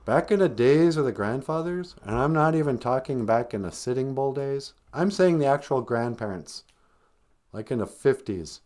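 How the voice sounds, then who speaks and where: A man's voice: medium pitch, animated, moderate pace, darkish tone. A man hosting a joking live stream, teasing and laughing, slipping into a grumpy old-man voice for his jokes. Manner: playful, breaks into song and laughter, mock-elder scolding. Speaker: host of a live stream on Ojibwe language.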